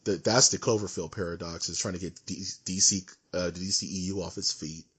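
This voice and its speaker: A man's voice: low-pitched, fairly even intonation, a little fast, a bit bright, breathy edge. A young man co-hosting a podcast, chatting casually, ranting with animation and laughing often. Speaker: podcast co-host. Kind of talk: casual chat.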